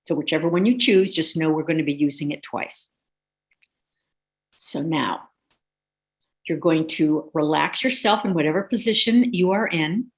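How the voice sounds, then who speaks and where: Woman, yoga teacher, lowish voice, calm guided instructions, slow pauses.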